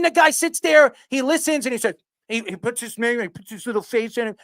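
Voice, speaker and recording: A man hosting a sports podcast who rants loudly and passionately, arguing hard and often raising his voice. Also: very high voice, big pitch swings, fast talker, dry recording. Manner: loud, passionate, yells his arguments. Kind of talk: heated sports talk rant.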